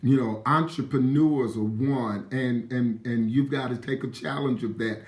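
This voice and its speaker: A man's voice: medium pitch, steady tone, a little slow, echoey room. A man giving a live-streamed motivational talk, repeating his points with an emphatic, preacher-like cadence and greeting viewers by name.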